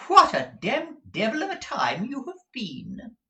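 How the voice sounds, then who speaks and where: A man's voice: extremely high pitch, huge pitch swings, unhurried, bright, forceful tone, voice pushed up, heavily acted. A man voicing a foppish, flamboyant husband who gushes overblown endearments in a theatrical storybook reading. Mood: gushing, theatrical.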